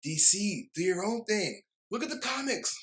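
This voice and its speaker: A man's voice: sits high, lively intonation, normal speed, fairly bright tone, low-quality recording. Heated, ranting young man. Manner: heated, repetitive ranting with frequent apologies. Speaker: movie reviewer. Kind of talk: ranting video review.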